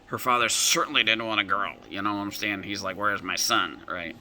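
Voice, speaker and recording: An emotional reset coach shares client examples as stories, voicing their words as dialogue. His voice is fairly low, pushed and bright, he speaks fairly quickly, and there's a little hiss or hum in the audio.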